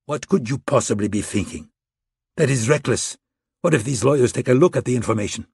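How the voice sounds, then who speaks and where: A man's voice: mid-range voice, expressive, fairly quick, vocal fry, breathy edge, no echo, studio quality, full character voice. A man narrating an audiobook, voicing a volatile, menacing middle-aged male intelligence general who threatens and hisses. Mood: alarmed. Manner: threatening, shouting and hissing.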